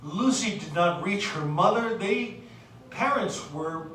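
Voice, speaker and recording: Slow, echoey woman lecturing on poems. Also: on the low side, animated, a bit bright, slight background noise. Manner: unhurried, hesitant with many fillers, reads poetry aloud. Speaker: literature lecturer. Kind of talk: recorded lecture. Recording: very echoey room, distant mic.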